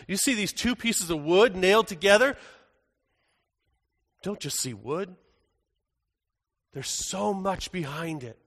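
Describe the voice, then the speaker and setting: A man playing the apostle John as an older man in a first-person dramatic monologue, earnest, moving between hushed and urgent. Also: sits high, full character voice. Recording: echoey hall with long reverb.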